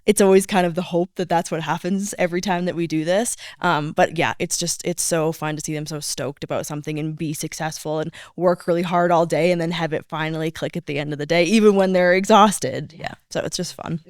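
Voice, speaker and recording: A woman, a snowmobile riding instructor, talking in casual podcast chat with an enthusiastic, animated manner. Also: low voice, fairly quick, clear, resonant tone, no echo, studio quality. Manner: enthusiastic, animated when quoting students.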